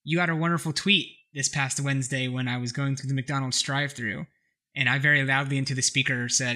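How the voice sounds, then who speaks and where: Male co-host, bright and lively, casual storyteller with frequent laughs. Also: mid-range voice, brisk. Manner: laughs often, animated storyteller. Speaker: podcast co-host. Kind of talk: casual chat.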